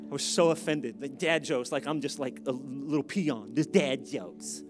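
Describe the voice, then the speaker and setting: A man preaching a sermon as pastor, joking in asides and building to loud, emphatic exhortations. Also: mid-range voice, moderate pace, few pauses, music in the background.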